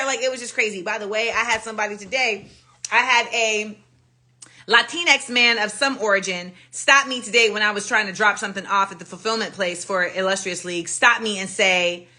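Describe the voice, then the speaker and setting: A woman talks straight into her phone on a livestream, with a bright, crisp, forward tone. She tells her stories with lots of energy and acts out every exchange, cursing freely. Her voice sits in the middle of the usual range for a woman. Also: mid-range voice, brisk. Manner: animated storytelling, acts out quoted exchanges with profanity. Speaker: livestream host. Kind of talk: casual livestream chat.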